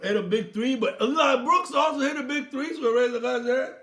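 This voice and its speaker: A man's voice: very high voice, normal speed, a bit bright. A young man hosting a comedic sports recap, boisterous and theatrical, with playful bits and mock toasts. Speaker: sports show host.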